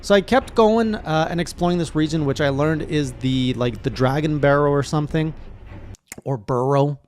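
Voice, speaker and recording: A man, a gaming streamer, recapping his playthrough in casual narration with animated, excited reactions. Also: fairly high pitch, moderate pace, a little hiss or hum.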